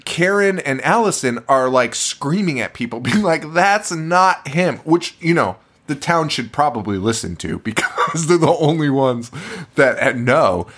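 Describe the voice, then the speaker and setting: A man's voice: medium pitch, expressive, moderate pace, fairly bright tone, husky. Young man, podcast co-host, casual chat, swears a lot, laughs, acts out scenes. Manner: profane, laughing, acts out movie lines.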